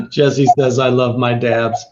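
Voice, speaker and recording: A man's voice: mid-range voice, a little mellow. A man hosting a casual livestream, reading viewer comments aloud, swearing freely and laughing often. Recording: roomy, slightly dull sound.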